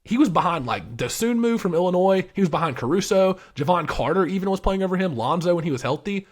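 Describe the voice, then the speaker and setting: A man's voice: sits high, lively intonation, fast talker. A man co-hosting a casual basketball podcast, enthusiastic and rattling off player stats. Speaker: podcast co-host. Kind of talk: casual sports talk.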